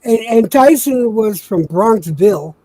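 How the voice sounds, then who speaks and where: A man's voice: high-pitched, animated, measured pace, very noisy. A man chatting casually as a guest, easygoing with short offhand remarks. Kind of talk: casual chat.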